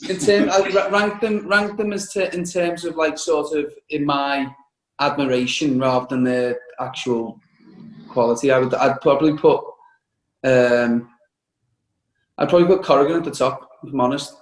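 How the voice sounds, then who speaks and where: A man's voice: medium pitch, steady tone. A man who is a chef, chatting on a video call in a jokey, teasing way and laughing often. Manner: jokey and teasing, laughs a lot, talks in quick bursts. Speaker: chef and restaurant owner. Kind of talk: casual interview over a video call. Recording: roomy video-call audio.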